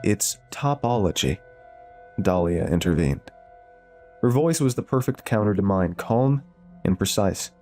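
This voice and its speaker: Man narrating horror, low pitch, mellow dark tone, steady, faint music behind. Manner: steady, measured storytelling.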